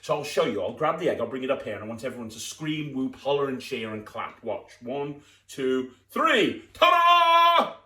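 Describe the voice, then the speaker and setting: A man with an English accent, a children's magician, explaining a magic trick to kids in a playful, exaggerated way with bursts of excited shouting. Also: medium pitch, fairly quick, few pauses. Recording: echoey room, from a distance.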